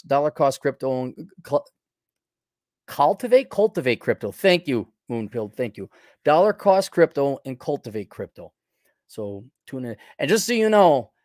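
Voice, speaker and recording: A man's voice: mid-range voice, darkish tone, no room sound, studio quality. Sarcastic rambling male podcast host. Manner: rambling, sarcastic, with frequent restarts and chuckles. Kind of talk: opinionated solo podcast monologue.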